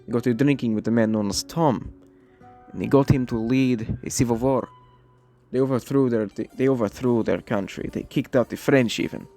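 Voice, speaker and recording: A man voicing a zealous male Russian imperial theocrat in a put-on Russian accent, grave and slow-spoken. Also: mid-range voice, warm tone, soft background music, close to an everyday voice. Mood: solemn. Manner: solemn, menacing declamation. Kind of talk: role-play character monologue.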